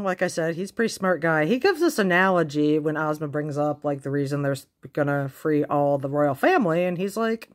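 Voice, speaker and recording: Chatty low-voiced woman retelling a book. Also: fairly quick, few pauses. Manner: chatty, laughing, many fillers. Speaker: book vlogger. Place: inside a car.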